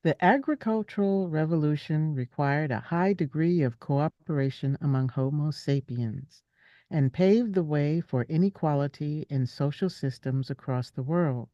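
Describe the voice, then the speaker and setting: A woman in a book club, reading a summary aloud with steady care, then chatting. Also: deep voice, measured pace, dry recording. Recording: dull lo-fi call audio.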